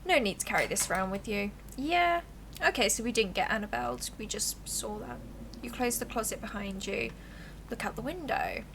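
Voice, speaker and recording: A woman streaming a visual novel, reading its narration aloud and breaking in with quick, animated asides. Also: medium pitch, gravelly, noisy background.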